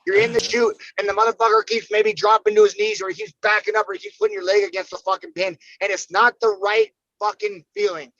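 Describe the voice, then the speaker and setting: High-voiced, fired-up profane American man. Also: sing-song, fast, creaky, few pauses, a bit bright, no room sound, muffled recording. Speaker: podcast guest, fighter. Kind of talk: casual podcast chat.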